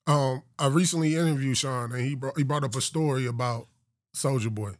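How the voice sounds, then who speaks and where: Dry-voiced laid-back host. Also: male voice, medium pitch, a little fast, no echo. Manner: relaxed, conversational, playful asides. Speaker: interview host. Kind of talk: casual interview.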